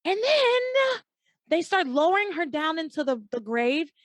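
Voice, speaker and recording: A young woman hosting a podcast, casually retelling soap opera scenes and acting out the characters' lines in a high, dramatic voice. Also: measured pace, no echo. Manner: animated storytelling, acts out quotes in a high dramatic voice. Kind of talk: casual chat.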